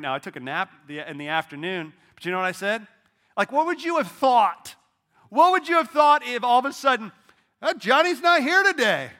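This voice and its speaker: A middle-aged man preaching a sermon from a church stage, casual and lively, leading the congregation in call-and-response. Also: fairly high pitch. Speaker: pastor.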